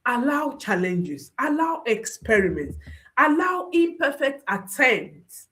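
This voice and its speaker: A woman coaching parents in a motivational talk, her voice set a little high and swinging widely in pitch. She drives each point home by repeating short phrases as refrains. Her voice rises and drops sharply for emphasis. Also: very animated, takes it slowly, a bit bright.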